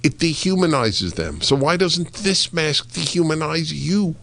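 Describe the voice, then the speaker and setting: A man giving slow, deliberate, argumentative opinion commentary on his radio show. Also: fairly high pitch, lively intonation, gravelly, fairly bright tone, slight background noise. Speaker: radio talk show host.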